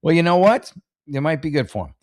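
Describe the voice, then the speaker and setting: A man's voice: a little high, lively intonation, fairly quick, dry recording, studio quality. A man casually reading and reacting to advice posts, rambling and sarcastic, swearing freely and restarting his sentences. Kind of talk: casual comedic commentary.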